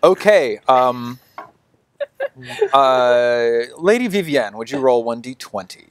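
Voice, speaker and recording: Male dungeon master, rambling narration, lively and dry. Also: medium pitch, slow pace, no echo. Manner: loose narration with many fillers. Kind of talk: narrating a tabletop game.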